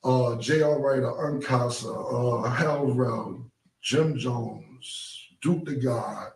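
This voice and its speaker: A man's voice: medium pitch, slow pace, vocal fry, a little mellow. A man, blunt and profane, telling his side of a story in casual interview talk. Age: 40s. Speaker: interview guest. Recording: roomy echo, mic at a distance.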